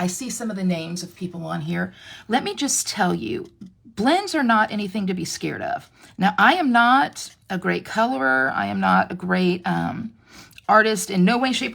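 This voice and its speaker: Chatty American woman with a gravelly edge. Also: medium pitch, a bit bright, slight background noise. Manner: chatty, self-deprecating, talks while crafting. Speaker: stamping demonstrator. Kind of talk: live card-making tutorial.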